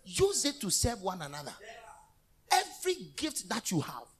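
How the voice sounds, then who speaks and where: A man preaching a lively call-and-response sermon in a church. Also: high-pitched, moderate pace. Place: church hall.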